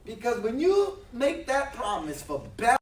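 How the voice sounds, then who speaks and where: A man's voice: very high-pitched, wildly swooping pitch, moderate pace, distant mic, a crowd in the background. A preaching man in an echoey hall. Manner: preaching with humor, rising to shouts. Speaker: minister. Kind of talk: sermon. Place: large hall with live congregation. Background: congregation responding.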